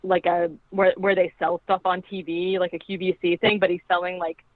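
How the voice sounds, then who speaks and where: A woman's voice: on the low side, level tone, moderate pace, no room sound. A woman casually recapping a film as a podcast co-host, chatty and full of "like", acting out the quoted lines. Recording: tinny phone-like line, dry.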